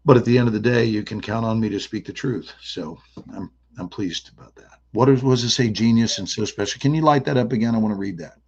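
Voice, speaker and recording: A middle-aged Southern man with a Southern accent, telling stories in a playful, animated way as an interview guest. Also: lowish voice, fast, highs cut off, a little hiss or hum. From American South. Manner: animated, playful, slips into voices. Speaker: actor guest. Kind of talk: casual interview storytelling.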